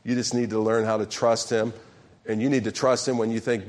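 A man's voice: lowish voice, level tone, a little fast, darkish tone. A man preaching a sermon as pastor, calling questions out to the congregation and acting out sample prayers.

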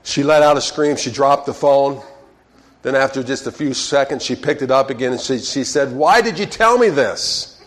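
A man preaching a sermon, telling a joke with lively storytelling and asking the congregation questions, often adding "okay?". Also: medium pitch, normal speed. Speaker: pastor.

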